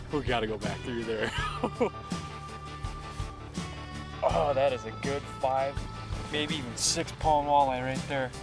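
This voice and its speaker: A man hosting a fishing show from his boat outdoors, narrating with excitable, folksy exclamations. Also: mid-range voice. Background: background music.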